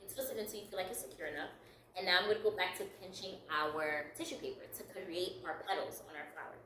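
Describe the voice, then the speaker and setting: A woman's voice: fairly low pitch, fast talker, fairly bright tone, echoey room, distant mic, a little hiss or hum, poor audio. A woman leading a step-by-step craft tutorial, upbeat and encouraging, laughing lightly at her own slips. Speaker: craft instructor.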